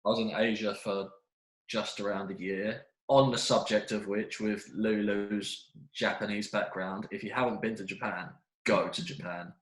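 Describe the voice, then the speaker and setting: Low-voiced young man in an echoey room. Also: fairly even intonation, moderate pace. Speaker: guest. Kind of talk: casual podcast chat.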